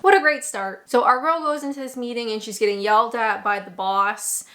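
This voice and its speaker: A woman's voice: on the high side, a little fast, sharp tone. A young Canadian woman recapping a bad movie in casual commentary, with sarcastic asides and laughs. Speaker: movie reaction host.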